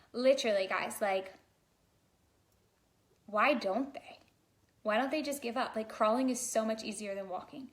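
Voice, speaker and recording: A woman vlogger and daycare provider giving a casual motivational talk to camera, chatty and full of "like", speaking straight to her viewers. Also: fairly high pitch. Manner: chatty, fillers like "like", addresses viewers directly.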